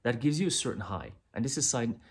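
A man's voice: medium pitch, expressive, fast talker, breathy edge. A man giving a pick-a-pile tarot reading, speaking earnestly and directly to the listener, often repeating himself. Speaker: tarot reader.

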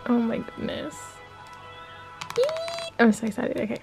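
A young woman chatting in a cosy gaming vlog, excitable, often dropping to a whisper and gasping. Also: a little high, unhurried, gravelly, long pauses, music in the background. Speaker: vlogger.

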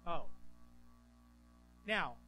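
A man preaching a sermon as pastor, animated and acting out the people in his stories. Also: very slow, faint music behind, rough recording. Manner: animated, acts out quoted voices.

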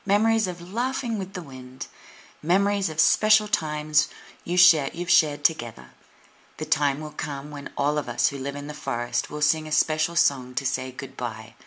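A woman voicing a wise, gentle tree wizard in a children's storybook, slow and comforting. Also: deep voice, poor audio. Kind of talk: storybook reading.

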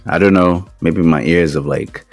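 A man with a very deep, gravelly voice co-hosting a casual podcast. He gives blunt, emphatic opinions, often opening with "yo" or "man", and faint music plays behind him. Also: normal speed, dry recording. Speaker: podcast co-host.

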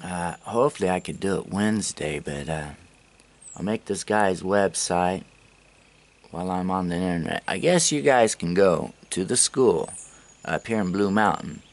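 Man, gravelly voice, lowish pitch, casual profane vlog storytelling, rambling. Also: normal speed. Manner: loose, profane, rambling, laughs at own stories. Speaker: travel vlogger.

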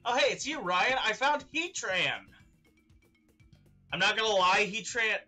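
A young man streaming a game, chatting excitedly with his viewers and laughing often. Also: sits high, measured pace, faint music behind. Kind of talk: live-streamed gameplay chat.

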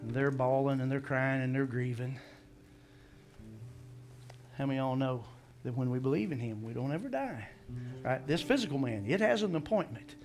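A man preaching a sermon as pastor, animated, acting out scripture voices and asking the congregation questions. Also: mid-range voice, moderate pace, pauses often, faint music behind.

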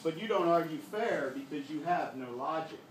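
A man's voice: a little high, animated, normal speed, slight background noise, natural voice. A man voicing a stern inner voice that lectures and accuses in a blunt, matter-of-fact way. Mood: scolding. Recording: echoey live room from far off.

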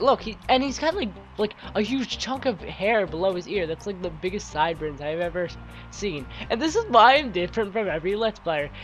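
A man's voice: high-pitched, a bit bright. Rambling young-sounding man doing game commentary. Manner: chatty, rambling, restarts sentences, self-mocking. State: sore throat. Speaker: let's play commentator.

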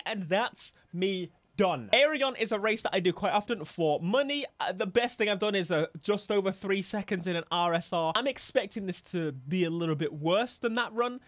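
A young man giving casual, excitable gameplay commentary and laughing often. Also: high voice, slight background noise. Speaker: gaming video creator.

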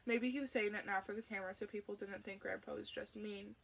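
A woman narrating an audiobook in a steady, expressive way. Her voice sits at a middle pitch and has a gravelly, creaky texture. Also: fast. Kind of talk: audiobook reading.

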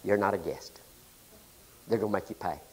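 A man preaching a humorous sermon in a folksy, joking way, swinging between loud exclamations and hushed asides. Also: fairly low pitch, moderate pace, background noise. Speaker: pastor.

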